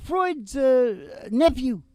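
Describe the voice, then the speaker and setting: A man's voice: very high-pitched, drawn-out words. Rambling joking male radio host. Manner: rambling, joking, animated storytelling. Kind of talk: casual talk radio chat, then singing a country song. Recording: loud guitar music behind.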